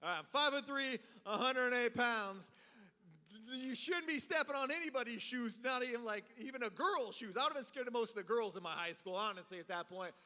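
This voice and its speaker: In a large, reverberant church sanctuary, a male preacher tells a story as his sermon, speaking fairly quickly in a high, bright voice. His delivery is lively, animated and loose, packed with filler words.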